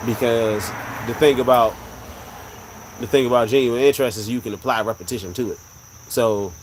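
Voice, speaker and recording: A man's voice: medium pitch, slight background noise, low-quality recording. Earnest man telling a story on a live stream. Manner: earnest, repetitive, emphatic storytelling. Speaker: livestream host sharing a religious testimony. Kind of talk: live-stream casual talk.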